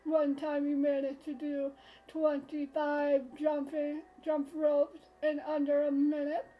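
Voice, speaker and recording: A woman's voice: high-pitched, completely flat delivery, slow pace, dull audio. A woman voicing a teasing, bubbly God. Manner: teasing, playful and bouncy. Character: brash upbeat female God, teasing and chatty. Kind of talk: reading a visual novel aloud on a live stream.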